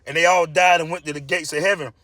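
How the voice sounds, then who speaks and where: A man's voice: on the high side, steady tone, fast talker, pushed and bright, no room sound. A man casually telling a pack of jokes, hyped and chatty, laughing at his own punchlines.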